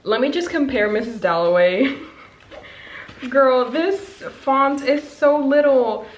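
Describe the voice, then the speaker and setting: A woman in her twenties chatting to camera as a book vlogger, bubbly and gushing, breaking into quick bursts of excitement. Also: high-pitched. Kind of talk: casual chat to camera. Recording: echoey room.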